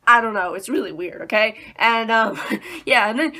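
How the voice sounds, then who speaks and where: Bright, chatty young woman reviewing anime. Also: a little high, animated, moderate pace. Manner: rambling, chatty, acts out her own reactions. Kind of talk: casual review chat.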